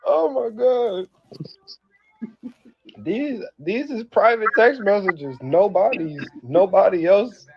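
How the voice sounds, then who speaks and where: A man's voice: high voice, gravelly, husky. Guy rambling on a livestream, keeps laughing, cusses a lot, muffled lo-fi sound. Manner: laughs often, loose and rambling, swears freely. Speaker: livestream host reacting to family drama. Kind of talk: casual livestream talk. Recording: dull lo-fi sound.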